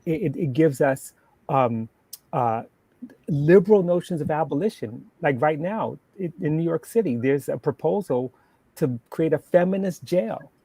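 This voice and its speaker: A man's voice: fairly high pitch, expressive, a little slow, mellow, husky, dry recording. A man speaking as a panel guest in a passionate political discussion, emphatic, stacking points into lists and restarting words as he goes. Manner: emphatic, builds lists, repeats words when starting.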